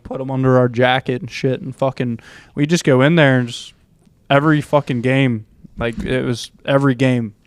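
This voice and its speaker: A man's voice: mid-range voice, smooth, no room sound. Rambling, profane young guy. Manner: loose, profane, rambling with fillers. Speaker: podcast host. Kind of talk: casual storytelling chat.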